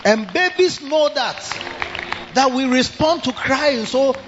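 An older man with a Ghanaian accent preaching a sermon in an animated way, bursting into shouts and slipping in local phrases. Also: extremely high pitch, slow pace, a crowd in the background, noisy background. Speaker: pastor. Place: large cathedral hall. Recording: dull reverberant hall with music.

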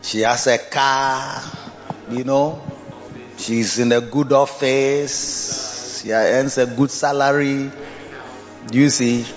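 A man preaching a sermon. He talks in an animated, repetitive way, laughs often and coaxes the listeners to repeat his words. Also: mid-range voice, takes it slowly. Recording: dull lo-fi sound in a reverberant hall with faint music.

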